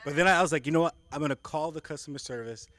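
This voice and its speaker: A man doing a stand-up set on a comedy club stage, telling a story in a deadpan way. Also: on the high side, rapid-fire, dry recording. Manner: deadpan storytelling, acts out phone calls.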